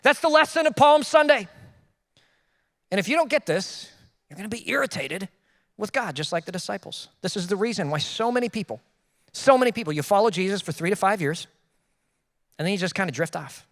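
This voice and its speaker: A male pastor preaching with a high, bright-sounding voice, swinging between loud emphatic bursts and quiet self-deprecating asides. His voice rings out with a long reverb, as in a church hall. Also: lively intonation, a little fast, pauses often. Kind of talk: sermon.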